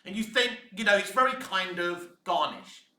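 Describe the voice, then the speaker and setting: A man delivering a profane, ranting video commentary, swinging between low muttering and shouting. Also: sing-song, moderate pace, roomy sound. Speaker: fan commentator.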